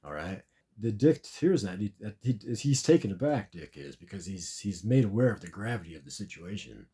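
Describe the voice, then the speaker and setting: A man with a low, dark, mellow voice spins a long comic tale about a dream. He rambles, repeats himself and restarts sentences as he goes. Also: very animated, a little fast. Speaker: storyteller recounting a dream.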